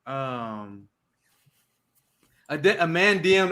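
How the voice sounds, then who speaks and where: A man's voice: high voice, wildly swooping pitch, a little slow, fairly bright tone. A young man hosting a podcast, ranting in profane casual chat and mocking others with impressions. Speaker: podcast host.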